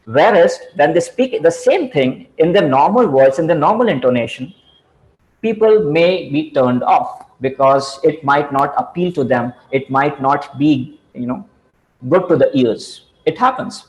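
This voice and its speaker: A man giving a lecture on communication, talking haltingly with frequent "you know" fillers and restarts. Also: a little high, expressive, low-quality recording. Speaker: speaker on communication skills.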